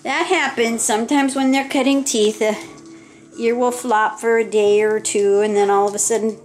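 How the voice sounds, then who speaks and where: A woman's voice: fairly high pitch, fairly even intonation, normal speed, faint music behind. An older woman at home, filming her puppies and chatting in a playful sing-song baby-talk voice. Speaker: puppy owner filming her dogs. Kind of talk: casual home video chat. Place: indoor room at home with puppies.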